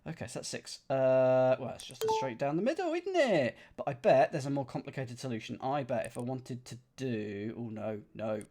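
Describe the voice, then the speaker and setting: A man streams a puzzle game and reasons out each level aloud. He counts squares under his breath and talks casually to his viewers. His voice sits in an ordinary middle pitch. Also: expressive, brisk, few pauses, dark tone. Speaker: gaming streamer.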